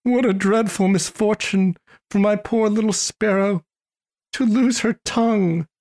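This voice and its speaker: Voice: mid-range voice, takes it slowly. A reader voicing a kind-hearted old man, lamenting in distress in a storybook reading.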